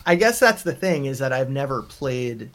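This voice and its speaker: A man's voice: medium pitch, sing-song, normal speed, a bit bright. A man from Long Island with a Long Island accent, hosting a casual podcast chat and ranting in an exasperated, joking way. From Long Island, New York. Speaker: podcast host.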